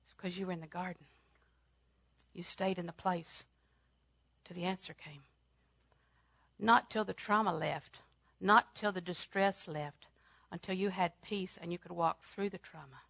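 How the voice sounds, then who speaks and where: A woman preaching a sermon, swinging from loud, emphatic declarations to hushed, near-whispered lines, repeating phrases for emphasis. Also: fairly low pitch, measured pace, vocal fry, dry recording.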